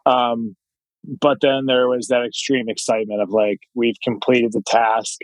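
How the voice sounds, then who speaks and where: A man's voice: mid-range voice, little pitch movement, measured pace, no room sound, rough recording. A young man talking as a podcast guest, thoughtful and rambling, with lots of "uh"s and "you know"s. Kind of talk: casual interview chat.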